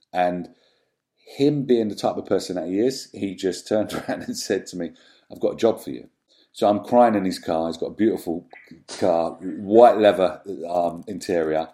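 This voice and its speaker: Low, mellow-voiced man opening up. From London, England. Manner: reflective, halting, many ums and restarts. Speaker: guest. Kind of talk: candid personal storytelling in an interview.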